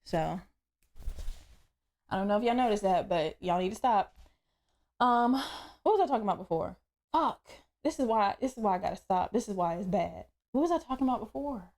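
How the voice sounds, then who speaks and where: A young woman hosting a solo podcast, telling stories in a blunt, profane, animated way. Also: medium pitch, a little fast, pauses often. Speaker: podcast host. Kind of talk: casual solo podcast rant.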